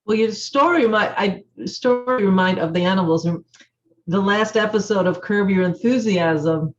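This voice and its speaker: A participant in a class makes a casual comment, halting and searching for words. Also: mid-range voice, dull audio. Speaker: class participant asking a question.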